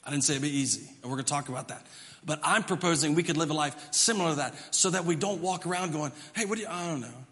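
High-voiced, animated preacher in a reverberant church. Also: male voice, quick pace. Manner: animated storytelling with acted-out voices. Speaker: pastor. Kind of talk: sermon. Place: church sanctuary.

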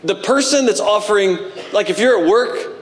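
Male pastor, high-pitched, conversational sermon with playful asides, long hall reverb. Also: expressive, normal speed, a little hiss or hum. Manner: conversational preaching with acted-out asides.

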